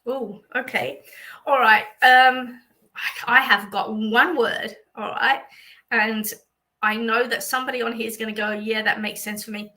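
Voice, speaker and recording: A woman's voice: on the high side, fairly even intonation, measured pace, sharp tone, low-quality recording. An Australian woman, a psychic medium, chatting through a livestream reading for viewers with many fillers and a reassuring manner.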